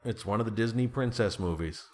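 A middle-aged man with a very low-pitched voice talks fairly quickly and casually as an interview guest. Rambling and self-deprecating, he trails off with fillers and keeps restarting his thoughts.

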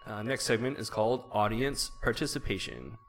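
A man with a lowish voice hosts a casual interview. He reads out audience questions with a wry, teasing touch. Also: sing-song, normal speed, gravelly, heavy background noise. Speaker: host.

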